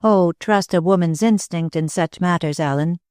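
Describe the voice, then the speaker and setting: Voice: mid-range voice, normal speed, smooth, no echo, studio quality, lightly acted. A narrator voicing a proud, bitter young woman. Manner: steady and bitter. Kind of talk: audiobook character reading.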